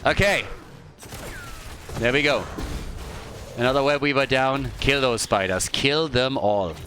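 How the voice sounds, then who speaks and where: A man casting a live video game match, talking casually, swearing freely and breaking into animated stories. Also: mid-range voice, measured pace, a little hiss or hum. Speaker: esports caster.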